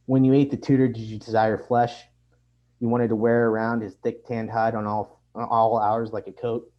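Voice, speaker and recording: A man's voice: medium pitch, fairly even intonation, brisk, close to an everyday voice. A man voicing a stern aunt who questions her undead nephew with accusing, probing questions, in a dull lo-fi recording.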